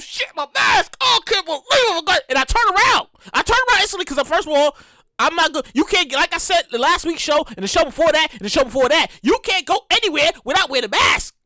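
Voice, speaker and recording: This fast-talking woman, whose voice sits high, hosts a podcast full of casual cursing and ranting. Her storytelling is animated, captured in a dry, clean studio recording.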